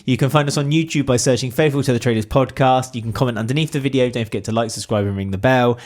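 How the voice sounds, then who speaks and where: A man from the UK co-hosting a podcast, in casual chat, chatty and joking with quick asides. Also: medium pitch, darkish tone. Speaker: podcast co-host.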